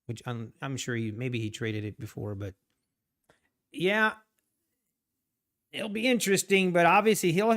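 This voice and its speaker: A man hosting a live trading stream, chatting casually and rambling as he reacts to viewers' messages. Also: mid-range voice. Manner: rambling, chatty, reads chat aloud.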